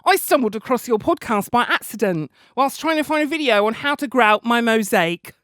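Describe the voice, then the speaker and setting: A man voicing a woman fan reading out her own message in a put-on accent, sing-song and bright. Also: extremely high pitch, lively intonation, normal speed, no room sound, studio quality, exaggerated voice. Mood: chirpy.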